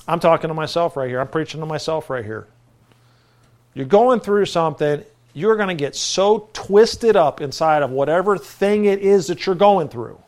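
A man preaching in a conversational style, telling a personal story with lively energy. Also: sits high.

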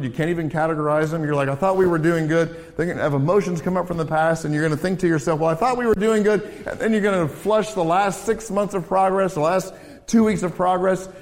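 A middle-aged American man preaching a sermon as pastor and counselor, animated, swinging between raised emphasis and low, quiet asides. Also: fast. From United States. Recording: long hall reverb.

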